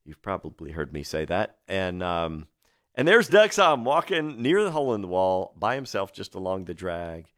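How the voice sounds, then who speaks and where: Chatty low-voiced man radio DJ. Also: big pitch swings, normal speed, dry recording, clean studio sound. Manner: chatty, enthusiastic storyteller, many restarts. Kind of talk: radio music show patter.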